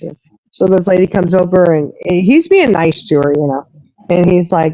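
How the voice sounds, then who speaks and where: A woman hosts a live stream, telling an animated story and slipping into the voices of the people in it. Her voice comes through muffled and lo-fi. The audio is dry, with no room sound. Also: fairly low pitch, fast talker, dry recording. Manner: animated storyteller who acts out others' lines. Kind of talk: casual storytelling chat.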